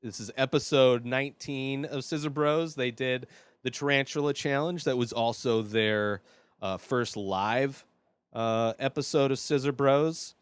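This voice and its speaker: A man hosting his own vlog, nervous and rambling with many fillers, swinging between quiet mutters and loud outbursts. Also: medium pitch, a little slow, smooth, dry recording. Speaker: show host. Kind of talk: casual solo vlog.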